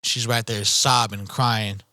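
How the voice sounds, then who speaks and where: A man's voice: lowish voice, fairly even intonation, pushed and bright, dry recording. A man co-hosting a casual podcast, adding laid-back comments to an anime recap. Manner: slow, laid-back interjections. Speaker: podcast co-host. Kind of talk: casual chat.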